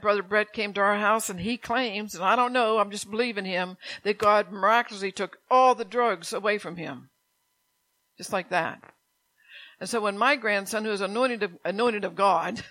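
A woman's voice: mid-range voice, a bit bright, no echo. An older woman preaching a sermon in a conversational way, with rambling asides and impassioned prayers she voices aloud.

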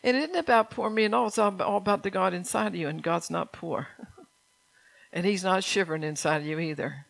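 A woman's voice: fairly low pitch, a little fast, gravelly, dry recording, low-quality recording. A woman preaching a sermon in a folksy, earnest way, often laughing between points.

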